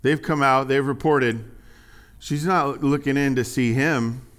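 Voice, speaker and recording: A man preaching a sermon in a conversational, animated way, reading scripture aloud with rising emphasis. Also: mid-range voice, measured pace. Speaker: pastor.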